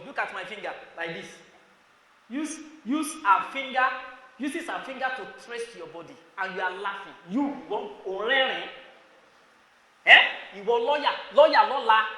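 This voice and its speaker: A Nigerian man preaching to a crowd of students in an echoey hall. His voice sits very high and sharply bright. He scolds his listeners and fires questions at them. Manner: scolding, rhetorical questions, calling on listeners by name. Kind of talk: sermon.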